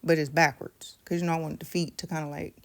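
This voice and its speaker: A woman's voice: sits low, flat delivery, fast. A woman, chatting playfully to viewers while doing her nails, pregnant and at ease. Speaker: nail tutorial vlogger. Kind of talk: casual tutorial chat.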